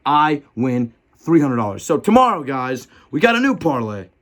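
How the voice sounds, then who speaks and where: A man hosting a casual podcast, talking loudly and excitably, swearing a lot as he banters with friends. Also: mid-range voice, normal speed. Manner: loud, profane, excitable. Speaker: podcast host.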